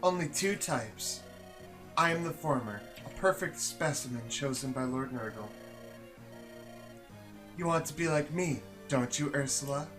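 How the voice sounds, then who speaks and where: A man's voice: mid-range voice, expressive, a little slow, pauses often, music in the background, close to an everyday voice. A man voicing a haughty, cruel noblewoman in a game, with clipped, contemptuous delivery. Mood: scornful.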